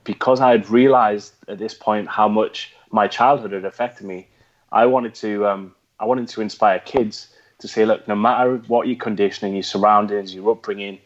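A man with a Geordie accent, a military veteran guest, talking reflectively with many pauses and restarts. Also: lowish voice, lo-fi sound. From North East England. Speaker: guest, former special forces veteran. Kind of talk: conversational interview.

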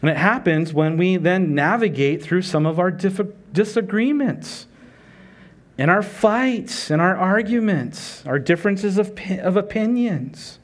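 A middle-aged man delivers a sermon in a relaxed, conversational way. His voice sits a little high for a man. He asks the listeners rhetorical questions and briefly acts out prayers and dialogue. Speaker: pastor.

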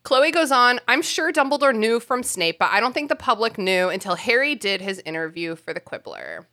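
A woman's voice: on the high side, sing-song, normal speed, sharp tone. A woman co-hosting a casual podcast, reading a listener email aloud with giggles and self-mocking swearing. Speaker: podcast co-host.

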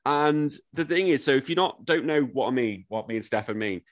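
A man with a Wirral accent talks in an easy, rambling way and keeps jumping into lively quotes. His pitch leaps up whenever he gets excited, and he swears freely as he chats with a friend. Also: fairly quick. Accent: Wirral, Merseyside. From England. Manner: animated storytelling, swears often, jumps into excited quotes. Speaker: podcast host. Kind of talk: casual chat.

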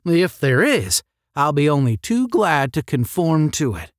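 A man doing a smug, smooth young cadet. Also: on the high side, big pitch swings, unhurried, no room sound, clean studio sound, voice pushed up. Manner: smooth and confident.

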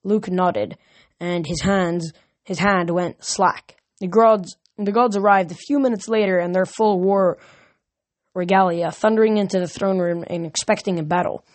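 Woman, earnest read-aloud of a novel, lowish voice, occasional slips. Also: moderate pace. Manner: earnest, stumbles and corrects words. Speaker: reader.

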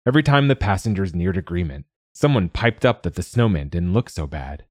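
A man narrating a children's story in a measured, gentle reading. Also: low voice, lively intonation, no room sound, studio quality.

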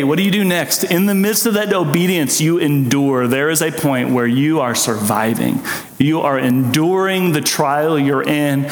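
A man preaching a sermon, telling his own story with earnest, emotional intensity. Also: on the high side. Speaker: pastor. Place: church sanctuary. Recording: echoey hall with long reverb.

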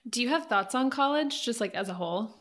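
A woman's voice: fairly high pitch, expressive, fast talker, a bit bright. Playful young woman interviewing her co-host. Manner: playful, upbeat, teasing. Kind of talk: casual interview chat.

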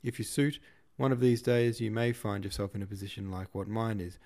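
A man reading a novel aloud, voicing a brusque, boastful middle-aged shop manager, a bit higher and louder than his narration. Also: brisk, lightly acted. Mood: pompous.

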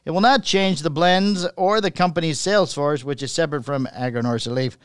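A man's voice: on the high side, a little fast, smooth, dry recording, clean studio sound. A man hosting a casual podcast, reading news items and playfully going along with jokes. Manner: playful, giggly, plays along.

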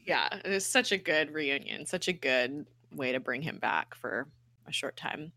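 A woman's voice: deep voice, moderate pace, creaky, dry recording, studio quality. A woman co-hosting a podcast, animatedly retelling a TV episode in casual chat, full of fillers like "um" and "like". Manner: animated storytelling with many fillers. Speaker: podcast co-host.

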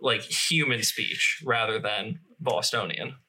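A man co-hosting a podcast in casual chat, teasing his partner with wry, quick jokes. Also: lowish voice, sharp tone, slight background noise. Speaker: podcast co-host.

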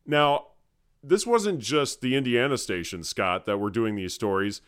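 A man's voice: mid-range voice, a little slow, clean tone. A man in his forties hosting an interview, telling stories in a conversational way. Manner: storytelling, conversational. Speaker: host. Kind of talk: podcast interview.

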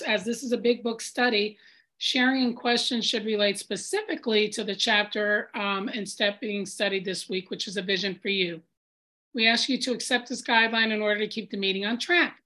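Woman, meeting leader, bright, clear procedural read on a video call. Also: on the high side, fairly even intonation, fairly quick, rough recording. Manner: clear, procedural, brief asides. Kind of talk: reading meeting guidelines.

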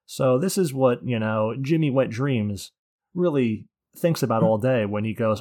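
A man's voice: medium pitch, a little slow, darkish tone. A man hosting a casual gaming podcast, crude and sardonic, swearing often. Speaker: podcast host.

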